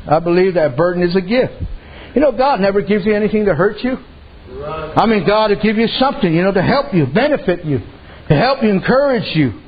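High-voiced folksy preacher man. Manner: folksy storytelling with frequent "amen" and "you know". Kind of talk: sermon. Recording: dull lo-fi recording with faint noise.

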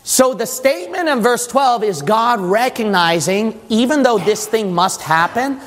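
High-voiced preacher in a reverberant hall. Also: male voice, animated, measured pace, hardly any pauses, a bit bright. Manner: emphatic, asks the congregation questions. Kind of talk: sermon. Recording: long church reverb.

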